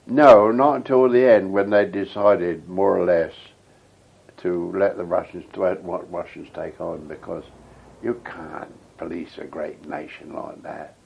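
An elderly man tells his stories in a wandering, reminiscing way, his deep voice heavily gravelly and husky. He is answering an interviewer's questions. The recording is dull and lo-fi, like an old tape. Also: steady tone, a little slow. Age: older. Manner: rambling, reminiscing storyteller. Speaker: veteran interviewee. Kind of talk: oral history interview.

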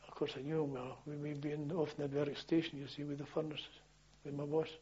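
An older man telling wartime memories as a former policeman, in a halting, rambling way full of restarts and chuckles. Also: a little high, flat delivery, warm tone, slightly rough, lo-fi sound. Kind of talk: oral history storytelling.

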